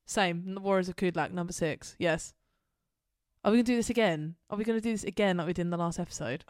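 A woman's voice: fairly low pitch, quick pace, darkish tone, dry recording, studio quality. A woman co-hosting a podcast in casual chat, enthusiastic and loose, swearing freely. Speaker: podcast co-host.

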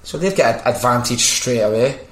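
A man's voice: mid-range voice, fairly quick, background noise. A Scottish man hosting a podcast, chatting casually and telling stories with plenty of swearing. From Scotland. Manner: sweary, animated storyteller. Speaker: podcast host. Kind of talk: casual chat. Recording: roomy echo.

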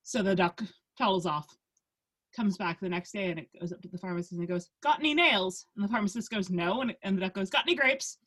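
A woman's voice: fairly low pitch, steady tone, fast, husky. Giggly rambling woman podcast co-host. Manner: giggly, rambling storyteller with lots of restarts. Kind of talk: casual chat.

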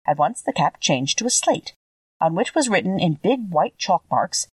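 A woman's voice: fairly low pitch, big pitch swings, moderate pace, darkish tone, husky, dry recording, distant mic. A woman narrating a classic children's story, reading expressively.

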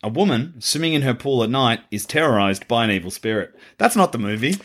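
Animated male podcast co-host. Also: mid-range voice, fairly quick. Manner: animated storyteller, acts out quotes. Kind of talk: casual chat.

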